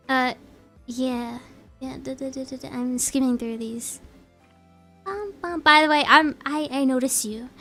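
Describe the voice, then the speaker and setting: A woman's voice: sits high, slow pace, long pauses, sharp tone, soft background music. A young woman streamer chatting casually and reading out her chat, giggly and rambling.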